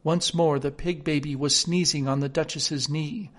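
A man narrating a storybook in a steady, clear reading voice. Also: fairly high pitch, normal speed.

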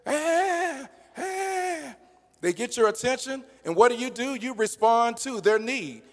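In a church sanctuary, a high-voiced man preaches at a normal speed, shifting from relaxed, conversational talk to rising, impassioned shouts. A long church reverb rings around his words.

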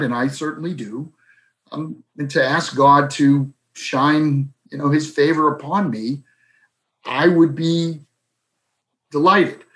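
A middle-aged man from South talks through personal stories as an interview guest. His voice sits a little on the high side for a man. He slips into quick, raised impressions whenever he repeats what his friends told him. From South Boston, USA. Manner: animated, acts out quoted friends in raised voices. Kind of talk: conversational storytelling.

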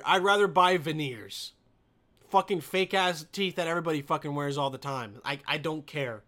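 A man's voice: a little high, lively intonation, moderate pace, sharp tone. A young man vlogging, mocking cringe videos in a loose, profane, rambling way. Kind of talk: casual commentary on videos.

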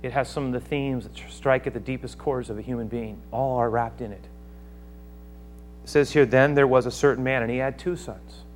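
A pastor preaching a sermon, swinging between hushed asides and loud, emphatic passages. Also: male voice, medium pitch, steady tone, normal speed, a little hiss or hum.

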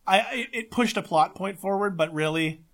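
A man co-hosting a casual podcast, talking in an excitable, emphatic way and swearing often. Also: sits high, moderate pace. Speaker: podcast co-host.

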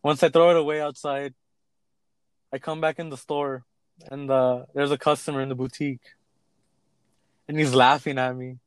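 A man's voice: mid-range voice, moderate pace, long pauses, smooth, no echo. A young man in casual chat, telling a work story with acted-out quotes and plenty of swearing. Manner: animated storytelling, acts out quotes, swears freely.

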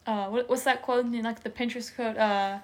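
A young woman co-host chimes in with playful, slangy remarks and steady support. Her voice is a touch high for a woman. She keeps the tone casual and friendly. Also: a little fast. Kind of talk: casual chat.

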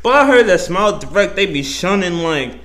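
A young man hosting his own podcast, talking in a rambling, profane, animated way, full of slang and self-interruptions. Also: sits high, moderate pace. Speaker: podcast host. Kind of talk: casual solo podcast monologue.

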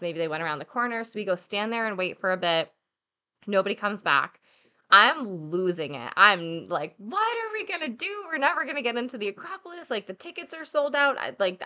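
A young woman in casual chat, telling a story in an animated way, acting out what people said and using lots of fillers. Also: mid-range voice. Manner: animated storyteller, acts out quotes, many fillers. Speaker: podcast co-host telling a travel story.

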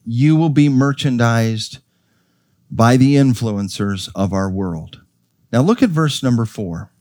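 A middle-aged man preaching a sermon, emphatic, asking the congregation questions and leaping up in pitch for stress. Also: expressive, takes it slowly, a little mellow, dry recording, clean studio sound. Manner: emphatic, with rhetorical questions and sudden pitch leaps.

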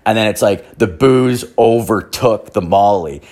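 A young man with a slightly low voice rambles through a crude anecdote. He swears constantly and leans on fillers, in a loose, casual delivery. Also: unhurried, a little mellow. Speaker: storyteller.

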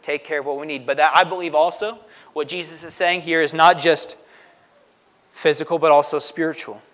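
Guy preaching casually, kinda high voice, lots of "right?" and gets loud on the big points. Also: steady tone, a little fast. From United States. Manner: conversational preaching, frequent "right?" asides, swells loud for emphasis. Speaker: pastor. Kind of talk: sermon.

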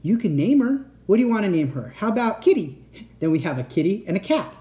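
Woman doing an excitable mad-inventor uncle. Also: medium pitch, quick pace, pitched above the performer's own voice, lightly acted. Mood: eager. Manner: excitable, pleading, then soft and menacing. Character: eccentric middle-aged male inventor uncle, unstable. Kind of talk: storybook read-aloud.

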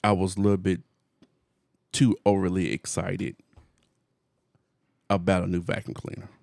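A man in his forties telling a story in casual chat, animated, laughing often, with slangy phrasing. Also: deep voice, normal speed, gravelly, no room sound, clean studio sound. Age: 40s.

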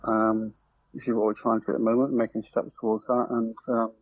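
An earnest man answering podcast questions as a club's media manager, filling pauses with ums. His voice sits a little low. The recording is dry and slightly dull. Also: flat delivery, breathy edge, no echo. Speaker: club media manager, guest. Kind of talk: interview answers.

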